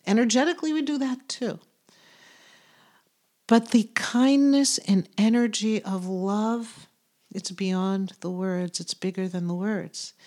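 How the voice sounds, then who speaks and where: Speaking slowly in a darkish, mid-range voice, a middle-aged medium hosts her spiritual podcast. Her delivery is soothing and sincere, punctuated by frequent laughter and sentences that drift off as she hunts for the right word.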